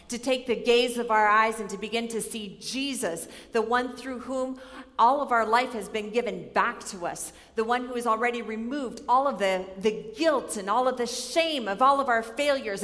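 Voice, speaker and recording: A young woman giving a sermon built on a personal story. She is animated and acts out her own worried voice as she tells it. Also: on the high side, moderate pace. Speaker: speaker giving a chapel talk. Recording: long hall reverb.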